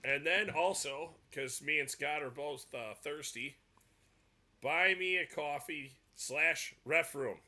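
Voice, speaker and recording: A man's voice: a little high, slow, pushed and bright. A man co-hosting a casual referee talk stream, easygoing and chiming in with short remarks. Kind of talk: casual live-stream chat.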